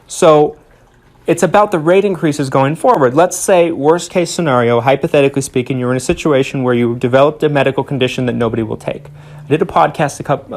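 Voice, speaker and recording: A man hosting a solo insurance podcast, talking earnestly to his listeners, stressing key points and often repeating words as he restarts. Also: medium pitch. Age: young adult. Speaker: podcast host, Medicare insurance agent.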